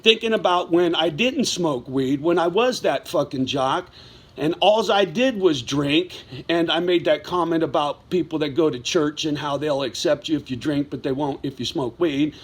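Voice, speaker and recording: A man's voice: on the high side, moderate pace, breathy edge. A middle-aged man telling a story in a casual vlog monologue, blunt and heavy with swearing, wound up as he talks. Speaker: vlogger.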